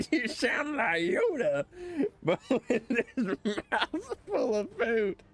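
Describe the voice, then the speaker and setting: Giggly man with lively pitch. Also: extremely slow. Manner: giggly, playful, laughs constantly. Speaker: gaming YouTuber. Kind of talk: casual gameplay commentary.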